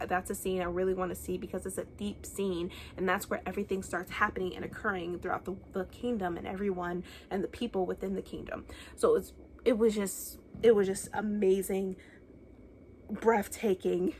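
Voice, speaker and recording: A woman's voice: mid-range voice, slight background noise. Gushing woman reviewing books. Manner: gushing and enthusiastic, with many restarts. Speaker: book reviewer. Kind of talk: casual book wrap-up chat.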